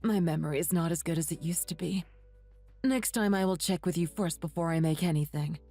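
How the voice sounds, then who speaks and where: A woman voicing a meek, apologetic older mother who speaks gently. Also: on the low side, fairly quick, no echo, soft background music.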